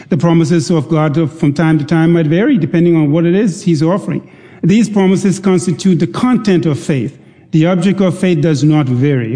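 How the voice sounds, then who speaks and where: A pastor preaching a sermon in a folksy, storytelling way, prompting the congregation to answer back. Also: male voice, on the high side, warm tone. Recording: echoey hall with long reverb.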